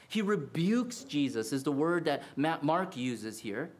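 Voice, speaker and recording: A man preaching a sermon as pastor, earnest and animated, acting out quoted lines. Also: on the high side, moderate pace, hardly any pauses.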